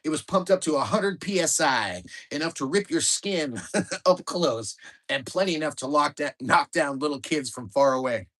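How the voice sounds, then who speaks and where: A man reading aloud from his own memoir with a wry, lively delivery that picks up speed at exciting moments. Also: a little high, moderate pace. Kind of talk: storytelling book reading.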